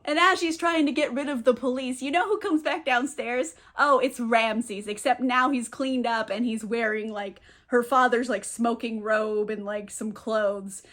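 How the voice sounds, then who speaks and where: A woman's voice: high-pitched, fairly even intonation, normal speed, hardly any pauses, a bit bright. A woman recapping a novel in a casual, chatty, sarcastic way, swearing and laughing as she goes. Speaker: book reviewer.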